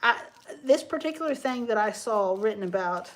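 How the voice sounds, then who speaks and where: A woman's voice: mid-range voice, animated, moderate pace. A woman hosting a live crafting stream, chatting casually in a rambling way and reading viewer comments aloud as she works. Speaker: craft livestream host.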